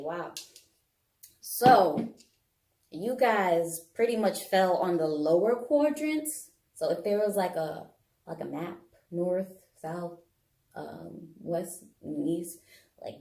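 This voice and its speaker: A woman talks to viewers through a casual tarot and bone-throwing reading. Her voice sits on the low side and she is chatty and animated, laughing often. The sound is echoey, as if picked up by a camera mic in a bare room. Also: slow.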